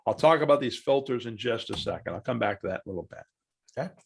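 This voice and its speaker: A male instructor teaching a live online class at a middle pitch. He talks in a loose, chatty way, narrating every click and tossing questions to his students. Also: animated, fast, creaky, slight background noise. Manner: chatty, asks the class questions, walks through steps aloud. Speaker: software trainer. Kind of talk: live online training session.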